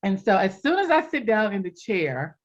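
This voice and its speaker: A woman guest on a podcast telling a personal story in a casual interview, animated and quick to laugh. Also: mid-range voice, dull audio, noisy background. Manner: animated, laughs often, acts out quotes. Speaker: podcast guest, life coach.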